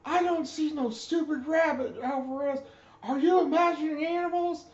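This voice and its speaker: A man voicing a hulking male drill instructor who barks and shouts in a strained, high voice. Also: steady tone, moderate pace. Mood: yelling. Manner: shouting, high-pitched bark. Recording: roomy dull recording.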